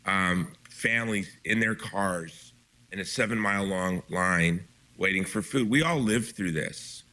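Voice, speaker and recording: Forceful low-voiced man, urgent and emphatic. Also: a little slow. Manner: emphatic, urgent, with frequent restarts. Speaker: guest author. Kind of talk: impassioned interview talk.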